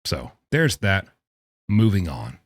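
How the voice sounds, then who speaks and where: Deep-voiced sarcastic male commentator. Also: very animated, takes it slowly, no echo, studio quality. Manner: sarcastic, exasperated, scoffing laughs. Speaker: true-crime commentary host. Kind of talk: casual commentary.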